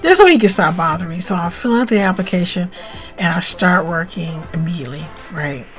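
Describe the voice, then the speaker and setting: A middle-aged woman telling a personal story on her video blog, swinging between plain recollection and tearful, animated outbursts. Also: fairly quick, soft background music. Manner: emotional, animated retelling with rising pitch and tearful outbursts. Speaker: spiritual vlogger.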